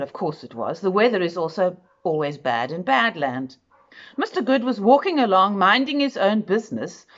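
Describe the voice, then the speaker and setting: A woman reading a children's picture book aloud, expressive and speaking directly to the listener. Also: lowish voice, highs cut off. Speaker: storyteller.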